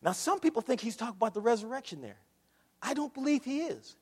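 A man preaching a sermon in a church, swinging from loud shouts to low murmurs. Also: big pitch swings, quick pace, slightly rough. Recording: long reverb of a large hall.

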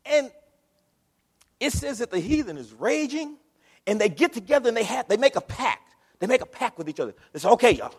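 A man preaching a sermon in a church, swinging from loud shouts to low murmurs. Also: big pitch swings, a little fast, long pauses, breathy edge. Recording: long reverb of a large hall.

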